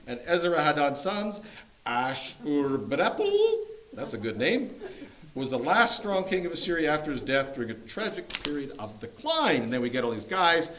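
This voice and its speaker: A man's voice: a little high, a bit bright. A man leading a church Bible study group, teaching casually with jokes and playful sound effects.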